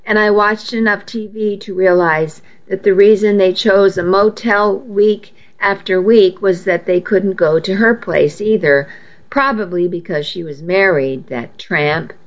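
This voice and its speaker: Woman narrator for a first-person novel; measured, intimate reading, mid-pitched and unhurried. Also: highs cut off. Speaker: audiobook narrator.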